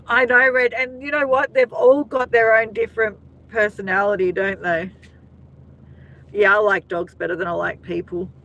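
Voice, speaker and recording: A woman's voice: medium pitch, steady tone, normal speed, fairly bright tone, highs cut off. An Australian woman hosting a casual live chat, laughing often and talking to her viewers by name. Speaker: livestream host.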